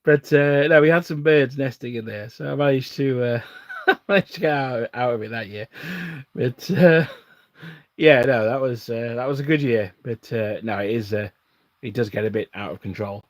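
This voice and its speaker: A man's voice: medium pitch, normal speed, no room sound, studio quality. A man from England hosting a live stream, chatting casually and rambling with frequent restarts and chuckles while he builds models at his desk. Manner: rambling, self-interrupting, chuckling often.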